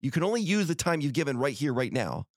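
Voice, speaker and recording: A man's voice: mid-range voice, sing-song, fast, dry recording, studio quality. A middle-aged man hosting a podcast, giving an earnest, folksy motivational talk full of rhetorical questions. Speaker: podcast host.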